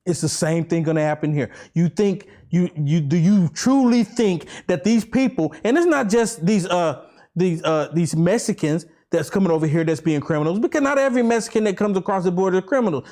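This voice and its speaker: A man giving an impassioned political rant to camera, repeating himself and firing off rhetorical questions, swinging between fervent near-shouting and low, slow preaching. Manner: repetitive, rambling, with urgent rhetorical questions. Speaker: political vlogger.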